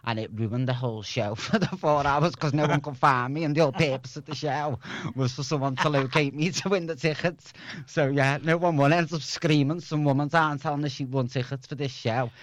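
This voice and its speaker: A man's voice: a little high, steady tone, a little fast, hardly any pauses, no echo. A young man from Liverpool with a Scouse accent, a former radio presenter chatting as an interview guest and laughing often. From Liverpool, England. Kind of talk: casual interview chat.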